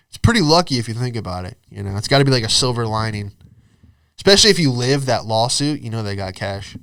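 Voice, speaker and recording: A man's voice: mid-range voice, lively intonation, fast, a bit bright, smooth, no echo, clean studio sound. A young man hosting a podcast, telling rambling comic stories in casual chat, full of "dude" and "you know". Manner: rambling, laid-back, says dude and you know a lot. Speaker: podcast host and comedian.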